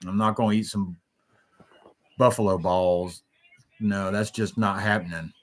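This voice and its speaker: A man's voice: on the low side, steady tone, a little slow. A man hosting a solo talk show, rambling and jumping between stories, swearing freely.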